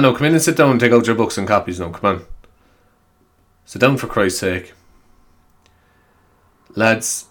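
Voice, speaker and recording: A man's voice: lowish voice, fairly bright tone. A man playing a frazzled schoolteacher with an Irish accent who rambles through rhetorical questions. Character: frazzled male schoolteacher in existential crisis. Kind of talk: comic sketch.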